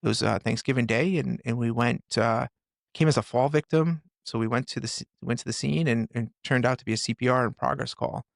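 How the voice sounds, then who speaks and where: An earnest middle-aged man, a firefighter and author appearing as a podcast guest, tells his story in conversation. His gravelly, medium-pitched voice halts and restarts often, and he sits close to the mic for a dry sound with no echo.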